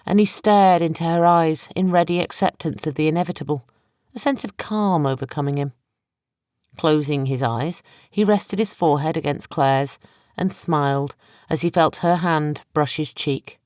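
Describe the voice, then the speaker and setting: Lady reading an audiobook, dramatic and measured, dry close sound. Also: deep voice, a little mellow, smooth, no echo. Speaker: audiobook narrator. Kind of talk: scripted narration.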